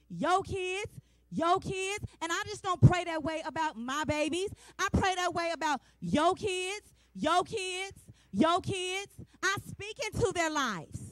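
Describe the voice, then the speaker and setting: High-voiced woman preaching with passion. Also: no room sound. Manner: passionate, emphatic preaching with repeated refrains; colloquial, talks straight to the congregation. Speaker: women's day speaker. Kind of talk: sermon.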